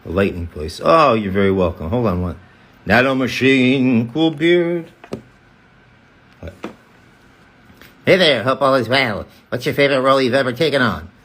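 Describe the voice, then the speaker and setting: A man's voice: medium pitch, lively intonation, a bit bright. Chatty man reading fan comments on a livestream. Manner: reads comments aloud, answers chattily, breaks into quick character voices. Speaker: voice actor hosting a live fan Q&A. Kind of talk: casual live-stream chat reading fan messages.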